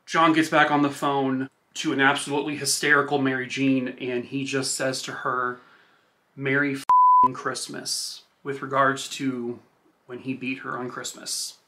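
A man's voice: medium pitch, flat delivery, moderate pace, sharp tone, a little hiss or hum. A male true crime podcast host retelling a case in a loose, casual way, using filler words like "like" and "I guess".

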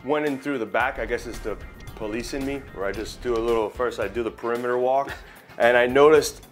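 A man's voice: mid-range voice, fairly quick. A man hosting a casual vlog in a vehicle upfitting shop, upbeat and joking. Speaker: host. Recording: music playing behind.

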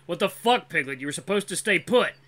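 A cool, protective male black wolf from a fantasy audio story, read by the narrator in a steady, dry voice. His calm carries a quiet menace. The tone is bright and clear. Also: medium pitch, brisk, voice pushed up, lightly acted.

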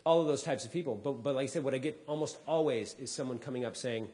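A middle-aged comedian addresses a society in a mellow, medium-pitched male voice, talking quickly with almost no pauses. He tells stories and acts out the voices of the people he quotes, often repeating words as he restarts.

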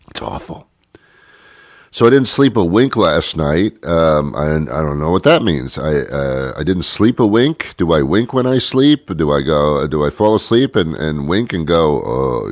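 A man's voice: on the low side, no room sound, clean studio sound. A man hosting a radio show, talking in a rambling, jokey monologue while congested with a cold.

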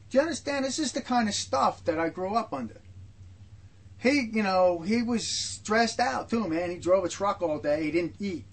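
An older man recounts memories in a loose, rambling storytelling style. His voice sits noticeably high for a man. He circles back and repeats himself, tossing in asides as he goes. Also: lively intonation, moderate pace. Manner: rambling, repetitive, frequent asides. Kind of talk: personal storytelling.

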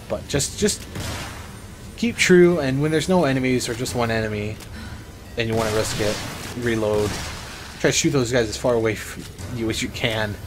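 A young man gives rambling, excitable let's play commentary and swears now and then. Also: mid-range voice. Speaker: gamer. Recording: noisy background ambience.

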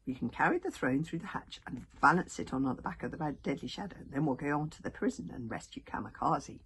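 A woman's voice: deep voice, animated, fast, a bit bright, slight background noise. Woman doing a sly coaxing young Viking.

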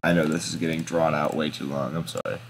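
A man's voice: extremely low pitch, little pitch movement, quick pace, creaky, a little hiss or hum. A young man hosting a sports picks show, talking casually, hesitating and thinking aloud with restarts and slang.

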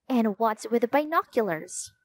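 A woman's voice: on the high side, lively intonation, moderate pace, dry recording, close to an everyday voice. A woman voicing an outspoken, curious young girl. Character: impatient girl, outspoken friend.

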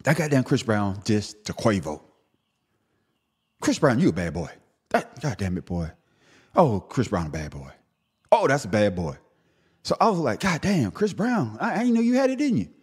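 A man hosting a podcast, giving an animated solo commentary that swings between a low grumble and high-pitched outrage, often stammering. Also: moderate pace, pauses often, slightly rough. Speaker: podcast host.

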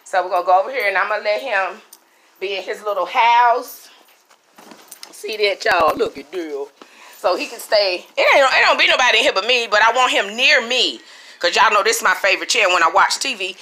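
A woman's voice: mid-range voice, expressive, brisk, sharp tone. A middle-aged woman, chatting casually to her viewers at home. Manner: chatty, talks to viewers as y'all. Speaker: vlogger. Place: living room at home.

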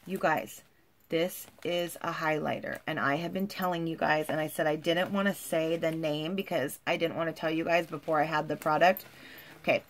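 A woman vlogging at home in a chatty, gushing way, full of "like" and "you guys". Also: lowish voice. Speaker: lifestyle vlogger. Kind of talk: casual chat to camera.

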